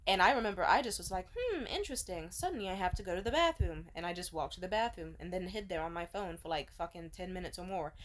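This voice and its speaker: A woman's voice: lowish voice, animated, fast talker, few pauses. Blunt, sarcastic young woman telling a story. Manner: blunt, profane, sarcastic, laughing asides. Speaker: vlogger. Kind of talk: casual storytime rant.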